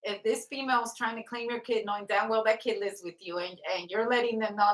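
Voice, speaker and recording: A woman's voice: a little high, fairly even intonation, quick pace, few pauses. A woman giving a casual tarot reading, blunt and profane, often breaking into laughter. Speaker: tarot reader. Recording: roomy sound from off the mic.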